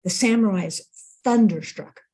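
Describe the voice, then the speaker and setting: A woman minister giving a sermon, telling a teaching story in a slow, expressive way. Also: medium pitch.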